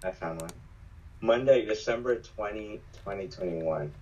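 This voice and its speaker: A raspy-voiced teenage boy chatting casually as a podcast guest, hesitant at times, and reading a book aloud. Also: fairly low pitch, measured pace, a little mellow, dull audio, slight background noise. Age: teens.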